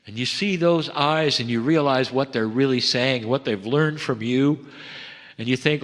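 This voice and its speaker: A man giving a slow, earnest channeled spiritual talk, pausing between phrases, recorded in a lecture hall. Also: mid-range voice, fairly bright tone.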